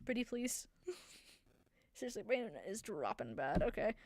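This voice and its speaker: A woman's voice: mid-range voice, sing-song, moderate pace, darkish tone, no room sound, clean studio sound. A young woman hosting a solo talk show into a desk microphone, chatting casually and animatedly, rambling and laughing often. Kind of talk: casual chat.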